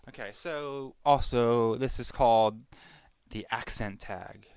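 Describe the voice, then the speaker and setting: A young man talks casually to the camera, stopping to correct himself as he goes. His voice is smooth and clear, at an ordinary pitch for a man, and the sound is dry and close. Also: dry recording. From Pennsylvania, USA. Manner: chatty, self-correcting. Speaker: vlogger. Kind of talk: casual vlog word-list reading.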